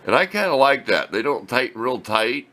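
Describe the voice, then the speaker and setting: A man's voice: medium pitch, sing-song, normal speed, sharp tone. An older man, rambling in a folksy, plain-spoken way as he shows off tools in his home workshop. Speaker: workshop video host. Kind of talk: casual workshop show-and-tell.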